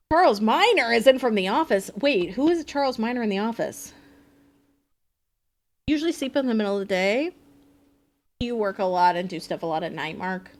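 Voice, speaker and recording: A woman streaming a game live, chatting playfully and swearing freely as she thinks aloud. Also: mid-range voice. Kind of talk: casual live gameplay commentary.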